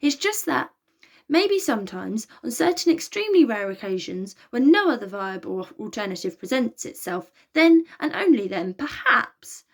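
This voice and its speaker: A woman's voice: fairly high pitch, very animated, moderate pace, voice pushed up. A woman voicing a prim, fussy female zodiac constellation in a storybook reading, stammering when flustered.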